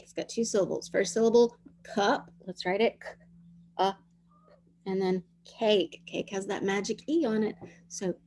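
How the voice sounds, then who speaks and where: Woman teacher spelling out words letter by letter for little kids, slow and patient. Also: medium pitch, warm tone. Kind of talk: dictation lesson for young children.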